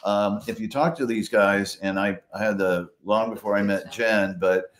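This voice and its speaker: A man's voice: fairly low pitch, moderate pace. A man, a trial attorney, telling stories in a conversational interview, acting out what others said and laughing often. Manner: animated storyteller, acts out quotes, laughs often. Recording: roomy echo.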